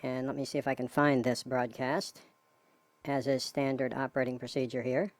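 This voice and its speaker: A man hosting a casual live stream, talking in a relaxed, chatty way to viewers he calls folks. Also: mid-range voice, normal speed, no echo. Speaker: host.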